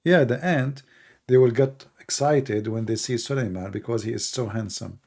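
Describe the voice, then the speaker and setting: A man hosts a heated debate on a call, his mid-range voice gravelly and a little mellow. He is blunt and mocking as he questions his guest, and he reads out Arabic verses quickly in a voice worn from long talking.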